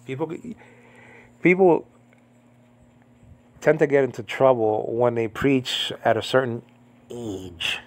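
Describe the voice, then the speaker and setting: A Puerto Rican man in his fifties gives an informal Bible teaching, rambling with plenty of "I mean, you know." He speaks slowly with frequent pauses, then jumps to a high, emphatic pitch on key points.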